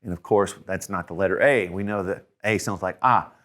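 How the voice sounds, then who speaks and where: Male tutor, lowish voice; patient step-by-step explainer who repeats sounds. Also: fairly quick, a bit bright. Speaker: language tutor. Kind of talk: spelling lesson.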